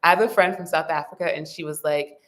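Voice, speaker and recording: A woman hosting a casual livestream, reading chat comments aloud and chatting back with quick asides and frequent laughter. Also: sits low, fairly even intonation. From United States.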